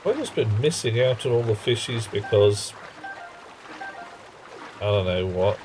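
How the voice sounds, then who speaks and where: A man casually commenting on his game and chatting with viewers on a live stream, in a relaxed, rambling way. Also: on the low side, unhurried, noisy background.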